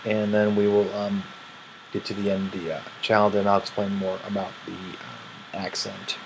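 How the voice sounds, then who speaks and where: A man's voice: on the low side, normal speed, creaky, slight background noise, low-quality recording. A tired man from Illinois, raised in Missouri, with a Midwestern American accent, rambling casually as he answers questions and yawns between words.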